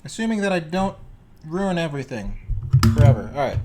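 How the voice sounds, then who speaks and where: A man's voice: fairly high pitch, very animated, moderate pace, very noisy. A man hosting a live baking stream at home in his kitchen, chatting casually and playfully, talking to himself and humming little tunes. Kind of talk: casual live-stream chat while cooking.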